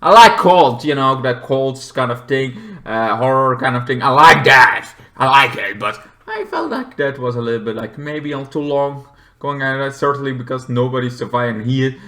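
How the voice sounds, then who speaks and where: Bright-voiced rambling movie reviewer man. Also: medium pitch, moderate pace. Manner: rambling, heavy fillers, swears, animated retellings. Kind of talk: casual spoken movie review.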